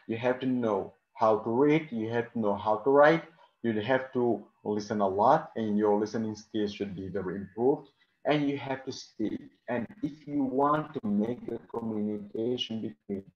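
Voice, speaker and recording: A man's voice: mid-range voice, darkish tone, echoey room, muffled recording. A man teaching an English lesson live online, answering questions from the chat and often adding "okay" and "of course".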